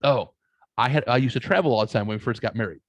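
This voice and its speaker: A man's voice: mid-range voice, fast, no echo. Blunt, foul-mouthed man telling stories. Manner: blunt, heavy swearing, animated anecdotes. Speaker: podcast guest. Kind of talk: casual storytelling chat.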